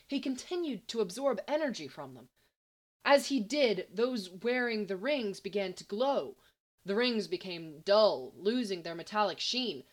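Brief: a woman reading fiction aloud, measured and even. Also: medium pitch. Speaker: story reader. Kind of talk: read-aloud fan fiction narration.

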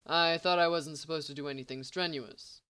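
A woman's voice: sits low, steady tone, moderate pace, fairly bright tone, voice pushed down. A woman voicing a brilliant young man who talks sheepishly and evasively.

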